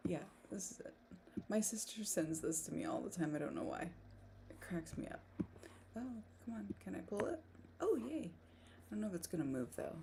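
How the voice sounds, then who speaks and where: A woman's voice: medium pitch, very animated, normal speed, pauses often, background noise. A woman hosting a casual writing livestream, chatting, laughing often and reading viewer comments aloud. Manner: giggly, reads chat aloud. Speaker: livestream host.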